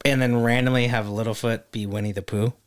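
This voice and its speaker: A man's voice: medium pitch, fairly even intonation, a little fast. A man co-hosting a podcast in casual chat, giving brief replies and thinking aloud with fillers. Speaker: podcast co-host.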